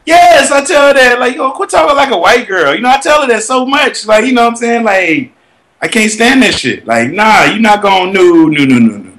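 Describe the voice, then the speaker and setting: A man chatting casually, telling animated, profane stories about his kids and his job. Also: high-pitched, fairly quick. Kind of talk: casual chat.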